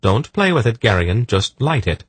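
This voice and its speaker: A man voicing a powerful woman sorceress who speaks calmly and implacably, with a frosty, dryly amused authority. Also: fairly low pitch, moderate pace, husky, dry recording, voice pushed up. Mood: commanding calm. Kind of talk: audiobook reading.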